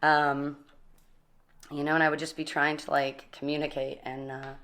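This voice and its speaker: Low-voiced energetic woman telling her story. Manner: energetic, animated, quick bursts, laughing often. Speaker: guest. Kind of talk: casual interview, telling her recovery story.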